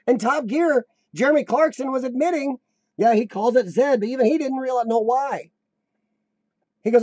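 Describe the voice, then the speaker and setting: A man's voice: very high voice, moderate pace, a little mellow, no room sound. An American man hosting a live stream, rambling casually and joking to his viewers. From United States.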